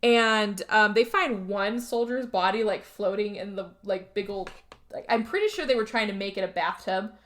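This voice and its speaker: A woman's voice: mid-range voice, normal speed, fairly bright tone. Chatty woman rambling through a plot. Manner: chatty, rambling, swears, keeps checking in with "okay?". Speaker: podcast host. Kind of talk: casual movie recap.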